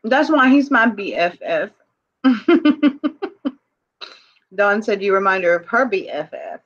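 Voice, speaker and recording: A woman chats and laughs easily while running an online auction, reading out comments and calling the bids. Her voice sits in a middle pitch, and the stream audio sounds muffled and lo-fi. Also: animated, a little slow, a bit bright. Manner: chatty, giggly, reads out viewer comments. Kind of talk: casual live-stream auction chat.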